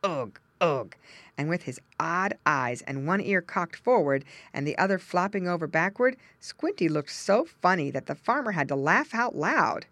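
A woman narrating a children's storybook, with gentle asides explaining things to young listeners. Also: lowish voice, lively intonation, moderate pace, few pauses, no echo. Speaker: audiobook narrator.

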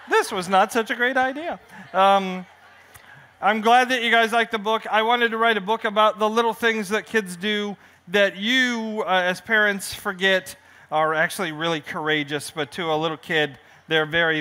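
On a festival stage, a man who writes children's books reads his picture book to families at a moderate pace. His voice is high-pitched and sharp with fairly even intonation, and he jokes with the audience in playful, showman-like fashion.

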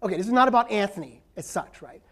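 A man's voice: high-pitched, lively intonation, fast, fairly bright tone. A man giving a lecture as a professor and taking questions from the audience, speaking emphatically and often checking in with "right?". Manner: emphatic, frequently ends points with "right?".

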